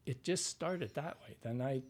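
A man in an interview spins loose, rambling anecdotes about his work as a dialect coach. His voice is mellow and dark, with a husky grain. He keeps restarting and piling in fillers as he goes. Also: mid-range voice, measured pace.

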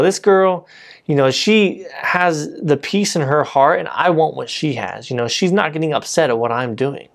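A man giving a casual, conversational sermon, often saying "you know" and restarting his sentences. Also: a little high. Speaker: preacher.

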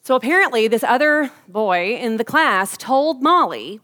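A woman delivers a sermon in a fairly high voice. She tells a personal story with humor and slips into lively voices when she quotes people. She sounds like she is in her thirties. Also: measured pace. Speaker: pastor.

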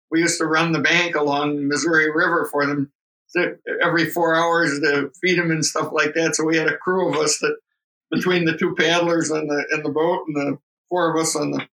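A man's voice: fairly high pitch, little pitch movement, moderate pace, bright, forceful tone, distant mic, low-quality recording. An older man, a grandfather, telling rambling family anecdotes with chuckles as a podcast guest. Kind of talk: casual storytelling.

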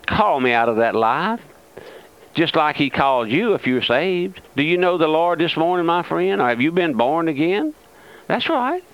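Older man, fervent radio sermon, pleading questions, slightly high smooth voice, dry, dull lo-fi sound. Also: dry recording. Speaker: radio preacher.

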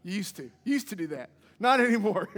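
A pastor delivering a sermon with a strikingly high voice for a man. He drives points home by repeating phrases. His words ring out with a long church reverb behind them. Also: sing-song, fast, fairly bright tone. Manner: emphatic preaching with repeated phrases. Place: church sanctuary.

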